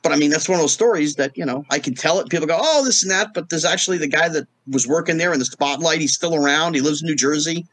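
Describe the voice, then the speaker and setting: Husky man, fairly high voice, middle-aged, animated interview guest, plays the quoted voices in his stories. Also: fast talker, hardly any pauses, dry recording. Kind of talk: storytelling in a casual interview.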